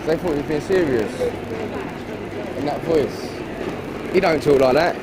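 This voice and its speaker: A man's voice: a little high, unhurried. A man, a livestreamer teasing and questioning people in a street. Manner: mocking, teasing banter. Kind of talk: confrontational street interviewing. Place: outdoors on a city street. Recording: loud traffic noise outdoors.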